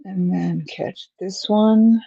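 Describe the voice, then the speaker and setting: A woman with a medium-pitched, gravelly, husky voice and a warm tone speaks slowly with fairly even intonation, hosting a casual crochet livestream. She chats with viewers, mutters to herself as she works her stitches, apologizes often and yawns, sounding distracted. The recording is dry with no room sound, and the highs are cut off.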